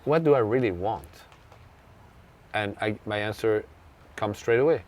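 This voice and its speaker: His voice sits on the low side and is animated, running a little slow. The speaker is a French-accented tennis coach from France, telling an interview story earnestly and thoughtfully while acting out dialogue from memory.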